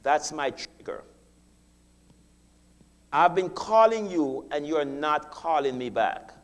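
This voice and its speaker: A man's voice: fairly high pitch, animated, slow. A man giving a sermon in a church, teaching step by step and acting out his own inner thoughts, often repeating key phrases. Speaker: guest speaker. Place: church sanctuary.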